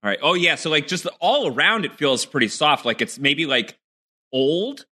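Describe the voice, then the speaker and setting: Guy cohosting a podcast on a video call, super bright voice, chatty and rambly, lots of ums. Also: on the high side, animated, normal speed. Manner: chatty, self-mocking, thinks aloud with many fillers. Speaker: podcast co-host. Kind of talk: casual chat, snack taste test.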